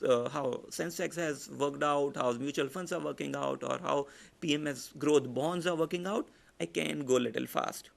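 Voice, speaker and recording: A man with an Indian English accent, a public speaking trainer giving a lecture and demonstrating shifts in volume, pitch and pace. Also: vocal fry. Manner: demonstrates loud, soft, fast and slow delivery. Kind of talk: online lecture.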